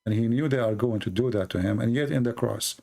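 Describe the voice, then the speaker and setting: Gravelly man preaching on a live call-in. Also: medium pitch, darkish tone. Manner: earnest, explanatory, halting with fillers. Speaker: host of a live call-in religious stream.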